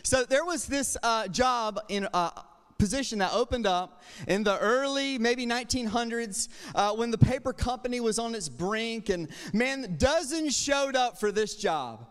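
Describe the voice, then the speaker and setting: A man's voice: extremely high pitch, expressive, unhurried, clear, resonant tone. Passionate young man preaching a sermon. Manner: passionate, storytelling with asides. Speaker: youth pastor. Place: church sanctuary. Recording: long hall reverb, church sanctuary.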